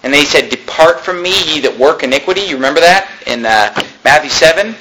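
A man preaching a sermon, emphatic and conversational, often quoting old-style scripture and dropping his voice to a hush for effect. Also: fairly high pitch, expressive, fast talker, background noise. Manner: emphatic, swings between loud and hushed; quotes King James scripture aloud.

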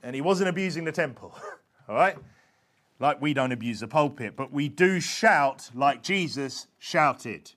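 High-voiced man preaching. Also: expressive, measured pace. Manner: swings from quiet asides to shouted scripture. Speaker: pastor. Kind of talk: sermon.

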